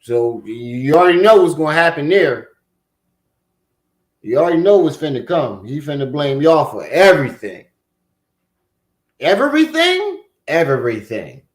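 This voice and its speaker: Mocking man with a lively voice. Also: fairly high pitch, normal speed, roomy sound. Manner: mocking, animated, talks back at clips. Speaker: commentary host. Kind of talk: reaction commentary.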